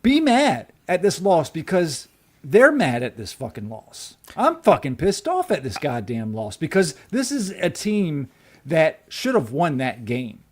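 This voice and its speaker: A man's voice: fairly high pitch, huge pitch swings, measured pace, darkish tone. A man co-hosting a sports podcast, ranting with lots of swearing and restarts. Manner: ranting, profane, many restarts. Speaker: podcast co-host. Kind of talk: heated sports podcast chat.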